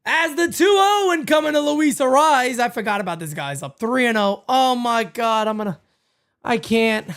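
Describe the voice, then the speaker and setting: High, bright-voiced excitable man. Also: normal speed. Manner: excitable, profane, shouting. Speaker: host of a live baseball watch party. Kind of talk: live play-by-play streaming.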